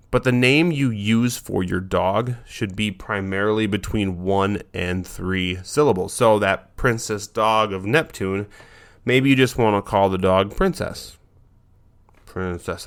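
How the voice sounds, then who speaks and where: A man with a fairly low voice hosts a dog training podcast. He talks on his own in a loose, casual way, full of fillers and quick restarts.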